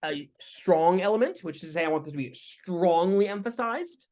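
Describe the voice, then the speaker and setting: A man teaching a lecture with live coding, talking in a relaxed way with fillers and restarts. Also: high voice, normal speed. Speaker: instructor.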